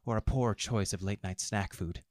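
A man narrating fiction aloud in a wry, expressive storytelling manner. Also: fairly low pitch, normal speed, no echo, clean studio sound.

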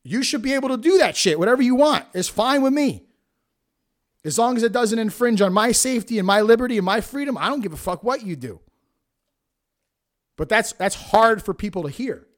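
A man's voice: high-pitched, expressive, fairly quick. Blunt, foul-mouthed man ranting. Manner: blunt, heated, heavy swearing. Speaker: podcast host and wrestling promoter. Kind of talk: profane solo podcast rant.

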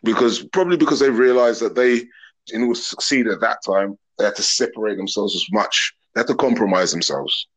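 A man's voice: lowish voice, a little fast, fairly bright tone, slightly rough, rough recording. A man, a podcast guest talking openly and earnestly in long reflective thoughts. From England. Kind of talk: open casual conversation.

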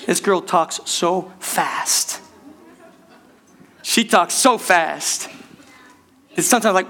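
High, bright-voiced male preacher. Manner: animated preaching, speeds up and slows down, calls out to the church. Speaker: pastor. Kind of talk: sermon.

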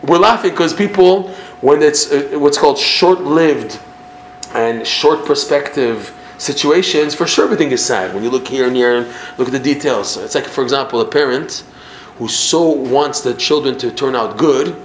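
A man teaching a Torah class in an animated way. He often repeats himself and acts out examples as he explains. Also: mid-range voice, normal speed, slight background noise. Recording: roomy echo with faint ambience.

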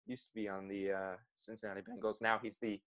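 A man's voice: lowish voice, flat delivery, fairly quick, fairly bright tone. A man co-hosting a casual podcast, talking with many fillers. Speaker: podcast co-host. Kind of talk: casual chat.

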